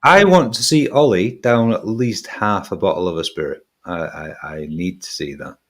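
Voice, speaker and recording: A man hosting a rowdy live show, swearing and bantering loudly. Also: deep voice, normal speed. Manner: swearing, loud, animated, laughing. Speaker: podcast host.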